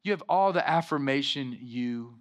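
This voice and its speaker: A young adult man preaching a sermon as pastor, animated and calling out for amens from the congregation. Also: medium pitch, normal speed. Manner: animated preaching with call-and-response "amen".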